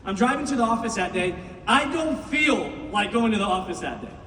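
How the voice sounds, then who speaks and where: A middle-aged man giving an impassioned motivational speech to a room of recruits, swinging from shouting to hushed tones. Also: high voice, big pitch swings, brisk, a little hiss or hum. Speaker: business team leader speaking to recruits. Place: large meeting room with an audience. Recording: echoey hall, mic far off.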